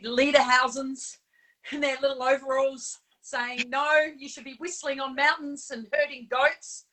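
Chatty high-voiced woman. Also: rough recording. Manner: chatty, animated, with frequent fillers and laughs. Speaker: co-host. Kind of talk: casual live-stream chat.

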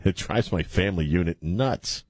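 A man's voice: low-pitched, moderate pace, darkish tone, dry recording. A man hosting a radio show, chatting casually and rambling with many restarts.

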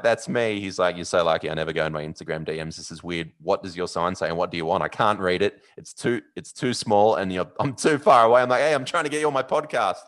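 A man with an Australian accent, a podcast host telling a long story in a rambling, animated way, with many fillers. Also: low voice. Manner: animated, rambling, with fillers and loud yelled bits. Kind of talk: casual storytelling.

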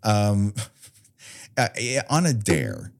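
Lively sarcastic man riffing casually. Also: fairly low pitch, drawn-out words, vocal fry, a little hiss or hum. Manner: sarcastic, profane, with mocking quoted voices. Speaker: podcast co-host. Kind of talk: casual movie-review chat.

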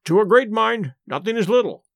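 A man doing a sententious gentleman detective. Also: high-pitched, sing-song, unhurried, no echo, exaggerated voice. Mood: dry. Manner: dry, sententious. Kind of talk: audiobook reading.

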